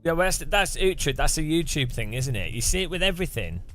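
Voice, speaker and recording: A man's voice: a little high, very animated, a little fast, a bit bright, faint music behind. A man chatting casually on a live stream, rambling and musing with frequent restarts.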